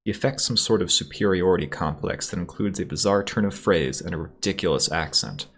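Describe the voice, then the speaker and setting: A man voicing a quiet, wary male rebel contact who speaks in a confiding, businesslike way. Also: brisk, slight background noise. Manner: confiding, low-key, businesslike.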